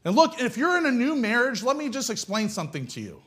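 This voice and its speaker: A man's voice: very high-pitched, wildly swooping pitch, fast, a bit bright. A man preaching a sermon in a blunt, folksy way, firing off rhetorical questions. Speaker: pastor.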